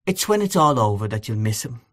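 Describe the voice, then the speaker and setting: A man voicing a sympathetic middle-aged aunt who speaks briefly and gently. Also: a bass voice, very animated, fairly quick, full character voice. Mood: consoling.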